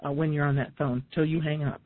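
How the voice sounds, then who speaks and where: A woman's voice: sits low, steady tone, fast talker, no room sound. Firm woman giving advice on a tinny line. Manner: firm, instructive, practical. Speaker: podcast co-host, media advisor. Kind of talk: casual chat, giving advice. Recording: dry, tinny phone-like sound.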